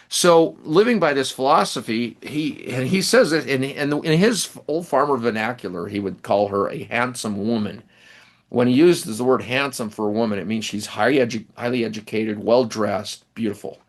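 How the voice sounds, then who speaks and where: A middle-aged man, an author and professor, telling stories in an interview with many restarts and pauses. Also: medium pitch. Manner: rambling, halting anecdotes with many restarts. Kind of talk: storytelling in a casual interview.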